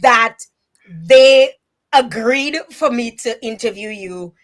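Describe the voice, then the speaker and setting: A woman from Dominica hosting a live online interview, chatting warmly and reading viewer comments aloud with lively emphasis. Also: fairly high pitch, slow. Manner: animated and emphatic, many restarts. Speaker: host.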